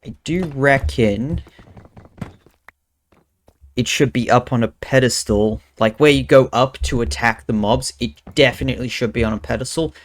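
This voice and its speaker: A man's voice: mid-range voice, normal speed. A young man streaming a game, thinking aloud and muttering counts under his breath as he builds. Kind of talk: casual gaming commentary.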